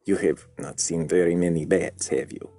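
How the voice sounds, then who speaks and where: A man voicing an indignant male bat with a New Jersey accent, quick to argue on a live stream. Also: low voice, fairly even intonation, dark tone. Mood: scornful. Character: grumpy male bat who insists on being a bat.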